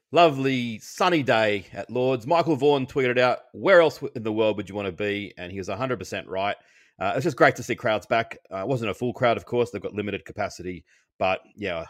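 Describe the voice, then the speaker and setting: Low-voiced man talking cricket, chatty. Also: a little fast, no room sound, clean studio sound. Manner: chatty, with frequent ums and restarts. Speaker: co-host. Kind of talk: casual cricket podcast analysis.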